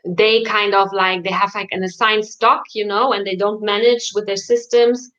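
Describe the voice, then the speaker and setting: A woman's voice: mid-range voice, fairly even intonation, moderate pace, fairly bright tone, muffled recording. A woman guest in a casual livestream chat, hesitant and searching for her words.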